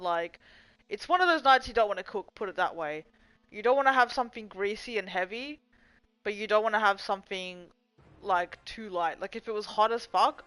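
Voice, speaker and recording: A woman's voice: medium pitch, fairly bright tone, rough recording. A young woman rambling casually and swearing freely as she answers chat on her live stream from home. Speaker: livestream host.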